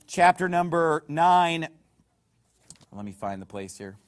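High-pitched, heated preacher man. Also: animated, slow. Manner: heated, preaching with shouted peaks and rhetorical questions; reads passages aloud from a book. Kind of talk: fiery sermon.

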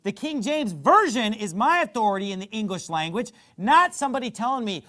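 A man's voice: high-pitched, very animated, fairly quick, hardly any pauses, bright, forceful tone. A man preaching a sermon as pastor, emphatic and fond of rhetorical questions.

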